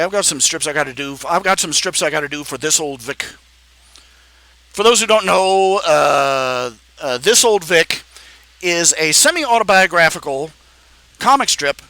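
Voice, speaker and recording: Brief: male comic-artist streamer, chatty and joking, bright tone, dry close mic. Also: on the high side, lively intonation, moderate pace, dry recording. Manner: rambling, joking, puts on a made-up accent. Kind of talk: casual live-stream chat.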